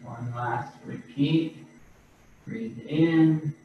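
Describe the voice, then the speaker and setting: A man teaching a qigong class over a video call, giving slow, calm breathing and movement cues. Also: fairly high pitch, a little hiss or hum. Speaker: qigong instructor. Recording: roomy, distant, dull video-call audio.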